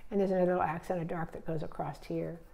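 A woman teaching painting, relaxed and thinking aloud step by step as she paints. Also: fairly low pitch, racing, vocal fry. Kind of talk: narrating a live painting demonstration.

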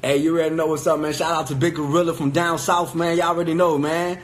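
A man's voice: a little high, little pitch movement, fast talker, soft background music. A man on a phone livestream angrily taunting his rivals in profane, repetitive street talk. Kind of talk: angry livestream rant.

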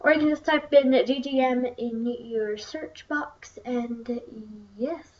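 A woman's voice: sits high, takes it slowly. A young woman casually commenting on browser games as she plays, chatty and wandering, with many ums. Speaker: gaming channel host. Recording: distant, dull lo-fi mic with faint music. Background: faint game music.

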